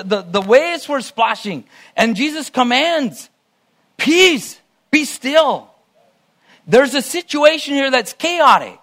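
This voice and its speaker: A man's voice: extremely high pitch, fairly bright tone. A male preacher reading scripture aloud and musing on it with frequent restarts, in a sermon. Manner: reads scripture aloud, then muses in restarts. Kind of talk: sermon Bible teaching.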